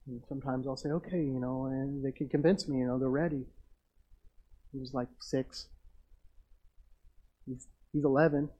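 Middle-aged man, pastor sermon, husky voice, dull lo-fi recording. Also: medium pitch, steady tone, normal speed, long pauses. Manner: storytelling, swings from hushed to emphatic.

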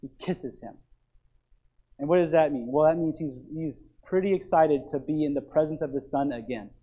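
Man, pastor, preaching a sermon, high voice, lively, asks the congregation questions. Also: a little fast, poor audio.

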